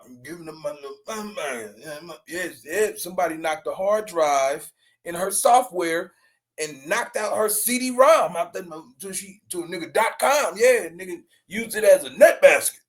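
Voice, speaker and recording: A young man hosting a rowdy reaction commentary show, shouting, laughing and dropping to mutters. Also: high voice, expressive, normal speed. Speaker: YouTube commentary host. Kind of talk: loud animated reaction commentary.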